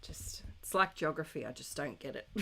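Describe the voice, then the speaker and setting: A woman's voice: low-pitched, very animated, a little slow. A woman live-streaming scrapbooking from home, chatting casually with viewers, giggly and thinking aloud with lots of ums. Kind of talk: casual chat while crafting, reading viewer comments.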